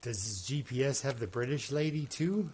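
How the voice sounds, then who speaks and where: A Canadian man streams a game and chats along as he plays, drifting between asides to his viewers and mutters to himself. His voice sits at an ordinary pitch, with a faint hiss of noise and game ambience behind it. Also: animated, normal speed, darkish tone. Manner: chatty, rambling asides to chat and to himself. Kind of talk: casual gameplay commentary.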